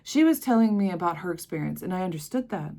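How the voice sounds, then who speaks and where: A woman's voice: fairly low pitch, expressive, fast talker, mellow. American woman telling a personal story. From United States. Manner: earnest, conversational, with emphatic rises. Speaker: vlogger.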